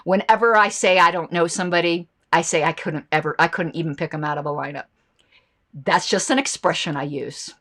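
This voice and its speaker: A woman's voice: lowish voice, fairly quick, a bit bright. A woman hosting a political commentary show, talking casually and reacting to viewer comments and ads. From United States.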